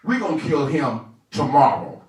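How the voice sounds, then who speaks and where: A man's voice: medium pitch, very animated, normal speed, pitched below the performer's own voice, lightly acted. A man voicing a boastful, scheming male royal official who talks brash and gloating street talk. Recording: echoey room from a distant mic.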